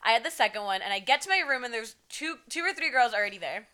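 Fast-talking high-voiced young woman. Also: expressive, bright, forceful tone. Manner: quick, chatty storyteller. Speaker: podcast co-host. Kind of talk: casual chat.

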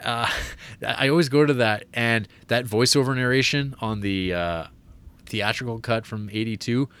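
A man's voice: mid-range voice, moderate pace, a bit bright, smooth. A man co-hosting a podcast, chatting casually about a movie, rambling with fillers, restarts and laughs. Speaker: podcast co-host.

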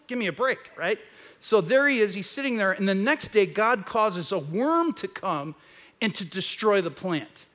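A man preaching a conversational sermon as pastor in a church, telling a story with animated retellings. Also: high voice. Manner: animated storytelling, acts out quoted voices.

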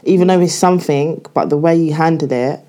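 A woman's voice: sits low, fairly quick, mellow. A woman, speaking candidly in a casual podcast chat, full of "like" as she tells her story. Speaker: guest.

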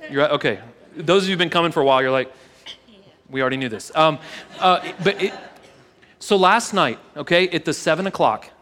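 A man preaching a casual, earnest sermon to a live church service, telling a personal story and then leading a hushed prayer with many repeated words. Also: on the high side, brisk, big-room sound. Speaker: pastor.

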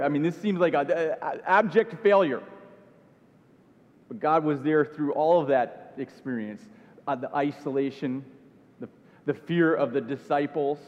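A man preaching an earnest sermon, often restarting and repeating his phrases. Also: mid-range voice. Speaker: pastor. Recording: dull sound with long hall reverb.

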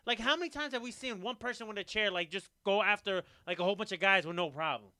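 A man co-hosting a casual talk show, talking in an animated, emphatic way and swearing freely. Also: high voice, fast talker, no echo, clean studio sound. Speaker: podcast co-host. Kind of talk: casual wrestling chat.

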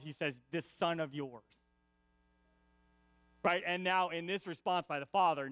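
A man's voice: sits high, a bit bright, smooth, dry recording. A man preaching a conversational sermon, often checking in with his listeners with "right?" and repeating key lines for emphasis. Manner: peppers points with "right?" tag questions. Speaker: pastor.

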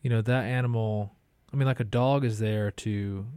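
A man's voice: fairly low pitch, fairly even intonation, normal speed, mellow, clean tone, no echo. A man, a chef and restaurant owner, chatting casually as a guest in rambling, laid-back stories. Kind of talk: casual conversation.

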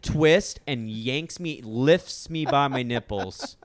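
A man's voice: mid-range voice, slow, dry recording. A young man co-hosting a podcast, telling a story in casual chat and acting out other people's lines.

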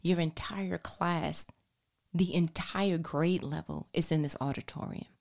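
A mother telling a story to her listeners in a casual, animated way, often dropping into a whisper. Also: low voice, a little slow, gravelly. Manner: animated, expressive, talks directly to listeners.

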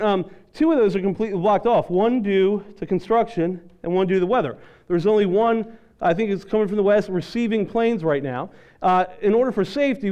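A male pastor telling an animated, self-deprecating story during a sermon. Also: high voice, clear, resonant tone, lo-fi sound.

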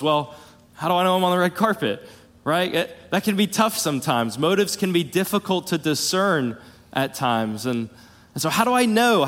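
Earnest male pastor preaching in a hall. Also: a little high. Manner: earnest, repeats words and restarts, rising emphasis on key points. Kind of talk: sermon. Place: church sanctuary.

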